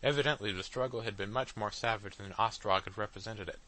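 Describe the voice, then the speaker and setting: A man narrating a classic novel as an audiobook in a steady literary reading. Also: fairly low pitch, fast talker, poor audio. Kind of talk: scripted narration.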